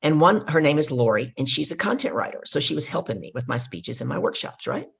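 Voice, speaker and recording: Middle-aged woman guest, gravelly voice, tells her stories with lots of acted-out dialogue. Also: low-pitched, fast talker. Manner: animated storyteller who acts out quoted dialogue. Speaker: guest speaker. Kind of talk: casual storytelling interview.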